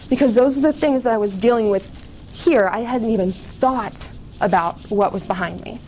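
A woman's voice: a little high, moderate pace, darkish tone, a little hiss or hum, poor audio. A young woman from the United States giving a candid personal testimony to an audience, chatty and full of fillers.

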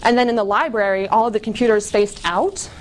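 A woman's voice: mid-range voice, steady tone, fairly quick, low-quality recording. A young woman from the United States giving a candid personal testimony to an audience, chatty and full of fillers.

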